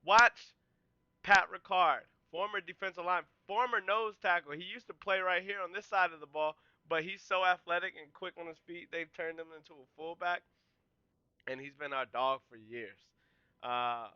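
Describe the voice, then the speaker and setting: A man hosts a podcast and talks through game film play by play in a casual, conversational way. His voice sits high and is very bright and smooth. The recording is close and dry, with a slightly dull, muffled top end. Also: dry recording. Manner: excitable, yells and cheers at big plays; explains plays in a relaxed, conversational way. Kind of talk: casual film breakdown commentary.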